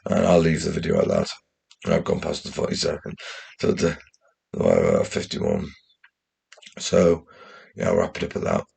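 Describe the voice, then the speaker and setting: A very deep, gravelly young man with a mixed West Midlands and Geordie accent rambles through a casual vlog monologue. His voice is husky and rough-edged, and he swears freely. He sounds anxious and restless as he talks. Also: big pitch swings, normal speed, a little mellow. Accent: mixed West Midlands, Geordie and posh English. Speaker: channel host.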